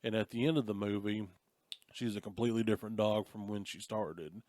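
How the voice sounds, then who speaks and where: A man's voice: lowish voice, steady tone, fairly quick, darkish tone. A man co-hosting a podcast, casually and animatedly retelling a movie plot. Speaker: podcast co-host. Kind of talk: casual chat.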